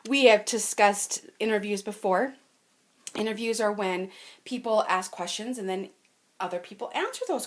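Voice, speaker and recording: A woman teaching fourth graders a reading lesson from home, explaining patiently in a sing-song way and stretching out sounds. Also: fairly high pitch. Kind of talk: remote lesson to children.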